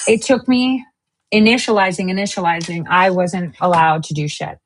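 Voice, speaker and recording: A woman with a low, husky voice hosts her own streamed show. She rants in a heated, profane way and jumps between topics. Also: steady tone, normal speed, faint music behind. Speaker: online show host. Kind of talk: angry political rant.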